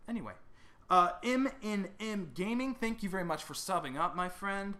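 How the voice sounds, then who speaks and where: A man's voice: high voice, animated, normal speed, pushed and bright. A young man, a YouTuber, reading out and thanking his subscribers in a casual vlog, stumbling over names and apologizing.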